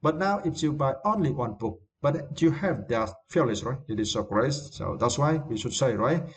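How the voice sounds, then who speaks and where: A man's voice: medium pitch, lively intonation, normal speed. Hesitant man teaching English vocabulary. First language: Vietnamese. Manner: hesitant, many fillers and tag questions. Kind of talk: vocabulary lesson.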